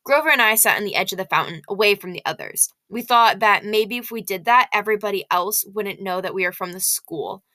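A woman reading a novel aloud in expressive first-person storytelling. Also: mid-range voice, a little fast, few pauses, no echo.

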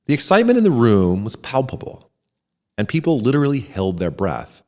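A male storyteller reads a short story with a lively, rising and falling voice. He belts out the characters' shouts. The voice rings with a long reverb, as in a hall. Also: medium pitch, a little fast. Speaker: narrator. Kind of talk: scripted narration of a short story.

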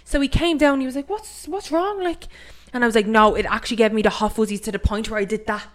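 A woman's voice: on the high side, rapid-fire. A young woman with an Irish accent, co-hosting a podcast and telling a ghost story in casual chat, acting out the voices and saying "like" a lot. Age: young adult. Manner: animated storytelling, acts out voices, heavy 'like' filler. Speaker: podcast co-host.

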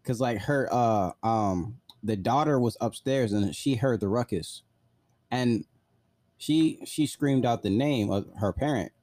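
Mellow-voiced man telling a rambling story. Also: medium pitch, measured pace, no echo. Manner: blunt, profane, rambling retelling with filler "like". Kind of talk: casual personal storytelling.

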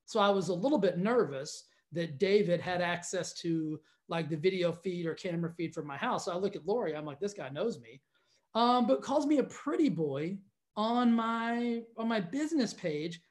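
A man with a notably high voice tells his followers a story in a loose, exasperated rant. He runs a fitness studio and speaks straight to camera, animated and incredulous. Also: normal speed.

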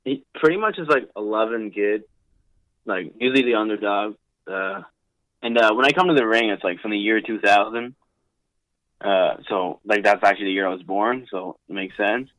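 A man's voice: lowish voice, normal speed, a bit bright, dry recording, poor audio. A young man in his twenties, a wrestler guesting on a podcast, rambling casually with lots of fillers. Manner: loose, rambling, heavy on fillers.

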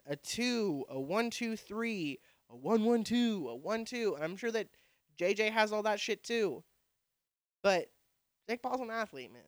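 A man's voice: high voice, a bit bright, no echo, studio quality. A young man hosting a podcast, ranting in a brash, rambling and profane way. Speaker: podcast host. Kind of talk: profane casual monologue.

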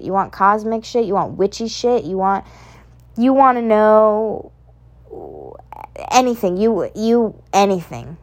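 Profane, emphatic young woman podcaster. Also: medium pitch. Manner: profane, emphatic, motivational rant. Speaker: podcast host. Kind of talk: casual solo podcast monologue.

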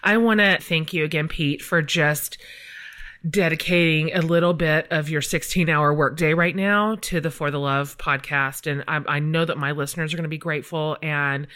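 Bright, upbeat woman podcast host. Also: low voice, fairly even intonation, normal speed. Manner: upbeat, affirming, chatty. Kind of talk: casual remote interview.

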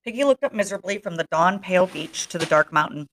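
A woman reading a novel aloud chapter by chapter, narrating steadily and pausing for short asides. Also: fairly low pitch, lively intonation, fairly bright tone, slight background noise. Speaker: reader.

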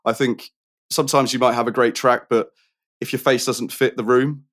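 A British musician in casual conversation, chatty and rambling, with lots of fillers and restarts. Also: male voice, mid-range voice, little pitch movement, moderate pace, fairly bright tone. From Britain.

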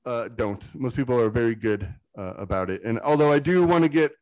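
A man co-hosting a casual sports podcast, excitable and rambling, going off on tangents with hype talk. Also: medium pitch, a little fast, no echo, poor audio. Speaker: podcast co-host.

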